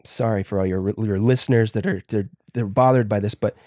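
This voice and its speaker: A man's voice: fairly low pitch, steady tone, dark tone, dry recording, clean studio sound. Rambling man telling a story. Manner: halting, full of restarts and fillers. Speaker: podcast guest. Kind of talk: casual storytelling.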